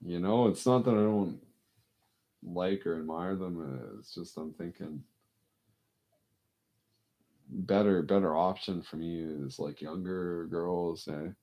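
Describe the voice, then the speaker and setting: Man, very low voice, gravelly, rambling casual talk, swearing. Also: slow, long pauses, mellow. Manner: rambling, repeats words, swears. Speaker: casual talker.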